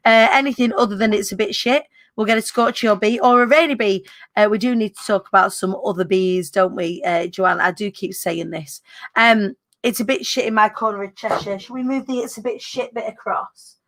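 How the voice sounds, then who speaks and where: A woman's voice: medium pitch, fairly quick, a bit bright. A woman, hosting a casual live-stream chat in a bubbly way, full of British slang. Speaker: host.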